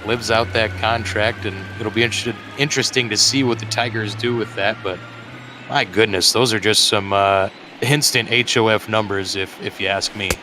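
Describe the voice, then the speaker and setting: A man doing casual play-by-play commentary for a baseball game, relaxed and chatty, with many fillers and restarts. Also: fairly low pitch, normal speed, noisy background. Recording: music clearly in the background.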